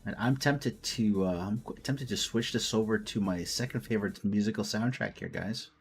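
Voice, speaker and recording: A man's voice: on the low side, normal speed, vocal fry, soft background music. A man hosting a live stream, calling a competitive match in a casual, joking way. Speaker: host.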